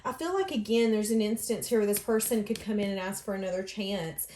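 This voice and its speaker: A woman's voice: mid-range voice, brisk, dark tone, roomy sound, slight background noise. Earnest woman giving a tarot reading. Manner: earnest, channels others' words in first person. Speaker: tarot reader. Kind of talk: emotional tarot reading monologue.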